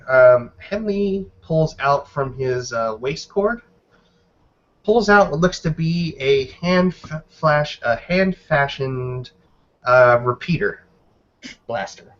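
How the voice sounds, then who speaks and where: A man running a tabletop game as game master, describing the scene in a measured way. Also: fairly high pitch, expressive, fairly bright tone. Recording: dull lo-fi recording.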